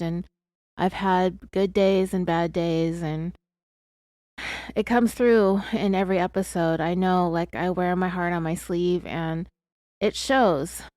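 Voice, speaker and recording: Her voice is lowish and a little dark as she hosts a true crime podcast while fighting off hiccups. She speaks in a chatty, confessional, candid way full of fillers, captured dry and clean in a studio.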